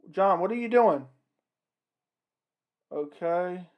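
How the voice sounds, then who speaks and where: Guy with a high voice doing casual fight commentary on his stream, chatty, reacting to chat. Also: lively intonation, unhurried, pauses often, lo-fi sound. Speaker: livestream host.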